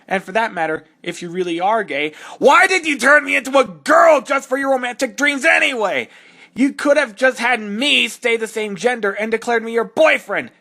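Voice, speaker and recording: A man's voice: high voice, fairly quick, few pauses, fairly bright tone. A man voicing a cocky young male hedgehog hero, reading fan fiction aloud with sarcastic, exasperated mockery. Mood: indignant. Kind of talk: comedic fan-dub reading.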